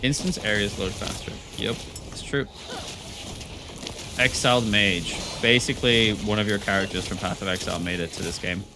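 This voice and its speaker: A man's voice: lowish voice, fairly even intonation, normal speed, noisy background. A man streaming a game live, talking to himself in a rambling, playful way. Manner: rambling, playful self-talk. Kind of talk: live gameplay commentary. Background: game music.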